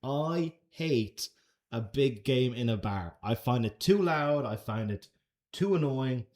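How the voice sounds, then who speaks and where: Irish guy on a stream, easygoing, chatty, swears a bit, mid pitch. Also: animated, slow, darkish tone. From Ireland. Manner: laid-back, chatty, swears casually, laughs often. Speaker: streamer answering chat questions. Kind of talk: casual live-stream Q&A.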